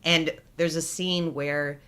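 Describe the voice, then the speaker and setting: A woman's voice: low voice, fairly even intonation, takes it slowly, a bit bright, clear, resonant tone. A woman in her forties, co-hosting a podcast in casual chat, with chatty storytelling. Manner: chatty storytelling, retelling film scenes. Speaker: podcast co-host.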